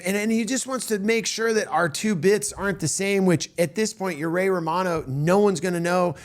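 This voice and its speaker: An animated male comedian tells a self-mocking story. His speech tumbles over itself with restarts and quick asides. His voice sits a touch high for a man. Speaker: stand-up comedian.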